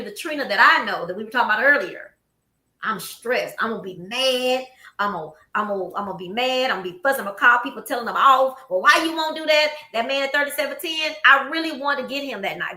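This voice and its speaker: Animated Southern woman telling stories. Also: fairly high pitch, quick pace. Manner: animated storytelling, acts out quotes. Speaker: host. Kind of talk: casual chat. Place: office room. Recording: echoey room.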